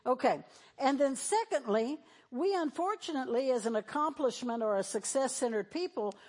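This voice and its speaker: A middle-aged woman pastor delivers a sermon with a high, bright-pitched voice. She preaches conversationally, talking straight to her congregation and acting out the voices she quotes. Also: lively intonation, moderate pace.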